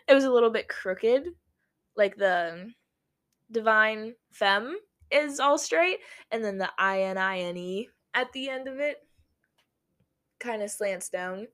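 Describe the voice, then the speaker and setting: A woman's voice: medium pitch, sharp tone. Young woman, vlogger, chatty, laughs a lot, mid-range voice. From Nebraska, USA. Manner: chatty, laughs often, many "like" fillers. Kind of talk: casual storytelling.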